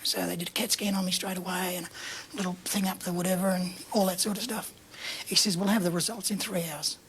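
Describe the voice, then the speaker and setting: Breathy Australian man telling a story. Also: high-pitched, quick pace, a little hiss or hum. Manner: animated anecdotal, acts out dialogue. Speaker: interview guest. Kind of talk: casual storytelling.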